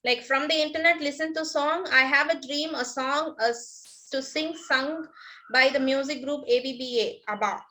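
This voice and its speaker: A woman teacher with an Indian English accent leads an online class in a high, bright voice. She patiently repeats each instruction, filling the gaps with "okay" and thanks. Her tone stays clear and ringing throughout. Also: moderate pace, low-quality recording.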